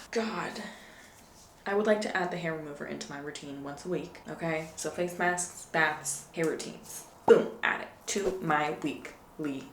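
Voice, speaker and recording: A woman's voice: on the low side, fairly even intonation, unhurried, fairly bright tone, echoey room, slight background noise. A woman talking casually in a home vlog, playful and giggly, dramatic about small pains. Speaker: lifestyle vlogger.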